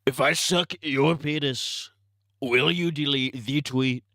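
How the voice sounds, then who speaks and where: A man's voice: medium pitch, slow pace, fairly bright tone, no echo, clean studio sound, pitched above the performer's own voice. A man doing a mocking impression of a crude, boastful old male politician.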